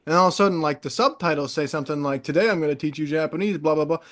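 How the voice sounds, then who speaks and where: A young man in casual podcast chat, an animated storyteller who wanders into tangents. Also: fairly high pitch, racing. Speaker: podcast co-host.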